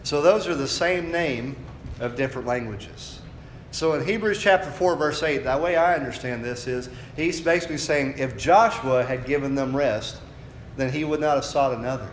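A man's voice: mid-range voice, normal speed, a little hiss or hum. A man preaching a sermon from the United States, explaining scripture in a conversational teaching voice that asks his listeners questions. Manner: conversational teaching that builds to raised, fervent preaching. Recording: echoey room with faint ambience.

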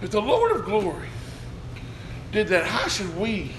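A man preaching a sermon, swinging between shouts and hushed tones. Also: sits high, wildly swooping pitch, unhurried, crowd noise. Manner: shouts and drops to a hush, preacher cadence. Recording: echoey room with faint noise.

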